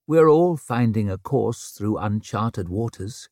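A man's voice: fairly low pitch, expressive, slow, darkish tone, no echo. A composed noblewoman ruler who chooses each word with care in a storybook reading, put on by a male narrator. Her tone is controlled and dignified. The recording is dry and close. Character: poised, regal young woman regent.

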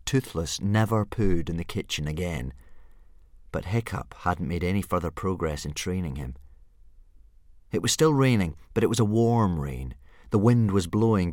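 Deep-ish guy reading a kids book, bouncy delivery, dry close mic. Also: moderate pace, no echo. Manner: expressive, playful reading. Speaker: audiobook reader. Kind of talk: storybook narration.

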